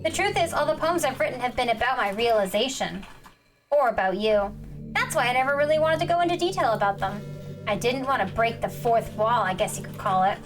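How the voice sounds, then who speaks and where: A woman reading aloud as a devoted teen girl club president, soft and confiding, over game music. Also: high-pitched.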